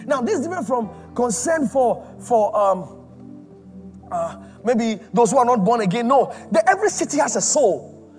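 A man preaching a sermon with impassioned, repetitive phrasing that swings between loud cries and near-whispers. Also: very high voice, very animated, moderate pace, soft background music.

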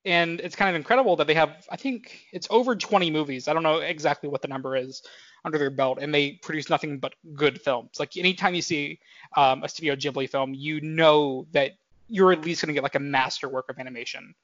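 A man's voice: a little high, brisk, fairly bright tone, no echo. A man in his twenties co-hosting a podcast in casual chat, rambling with lots of fillers and self-corrections. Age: 20s. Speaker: podcast co-host. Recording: dull, dry podcast mic audio.

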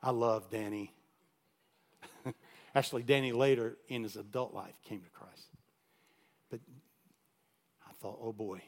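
A man, a pastor, telling a personal story in a sermon, animated and swinging from loud to hushed. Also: mid-range voice, unhurried, long pauses.

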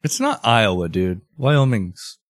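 A married man telling an Old West story on a podcast in a relaxed way, drifting into joking asides. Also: on the low side, takes it slowly, no echo, studio quality.

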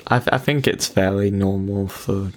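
A man's voice: sits low, moderate pace. A young man from England co-hosting a podcast, musing hesitantly with dry, self-deprecating humor. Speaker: podcast co-host. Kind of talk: casual podcast chat.

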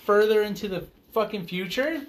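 A man's voice: high voice, moderate pace. A man co-hosting a casual podcast, ranting heatedly and swearing often. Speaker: podcast co-host.

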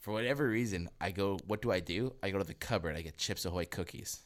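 A young man co-hosting a podcast, telling animated stories in casual chat, swearing freely and laughing as he goes. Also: deep voice, quick pace, a little hiss or hum. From Canada. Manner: animated storyteller, swears, acts out voices with laughs. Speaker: podcast co-host.

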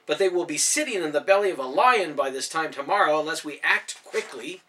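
A wry young traveler explains things earnestly, a little exasperated, as a male storyteller voices him. The tone is bright with lively pitch. The voice sounds a little distant from the mic. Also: brisk, slight background noise. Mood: urgent. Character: young man traveler, patient but wry.

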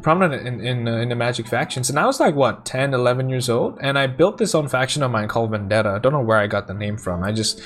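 A man's voice: mid-range voice, fast talker, few pauses, a bit bright, faint music behind. A young man hosting a casual podcast, rambling through stories with frequent laughter and restarts. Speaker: podcast host.

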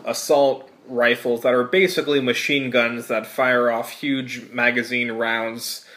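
A man hosting a casual podcast who rants his opinions with a sarcastic edge. His voice sits at an ordinary pitch. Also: flat delivery, a little slow, sharp tone. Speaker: podcast host.

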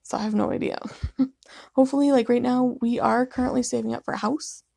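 A woman's voice: fairly high pitch, steady tone, fairly quick, gravelly, dark tone, no room sound, clean studio sound. A young woman hosting a casual solo podcast from her living room late at night, sleepy and yawning, rambling and apologetic, laughing often. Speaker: podcast host.

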